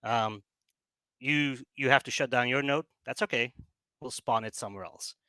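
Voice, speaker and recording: Bright-voiced man explaining tech plainly. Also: mid-range voice, moderate pace, no room sound. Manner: explanatory, lots of "um" and restarts. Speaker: guest, project business developer. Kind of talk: casual call-in explanation.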